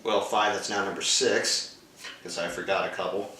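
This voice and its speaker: A man co-hosting a casual movie review chat, joking loudly. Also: deep voice, moderate pace, very echoey, distant mic, poor audio. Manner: joking, loud, lively. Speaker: co-host.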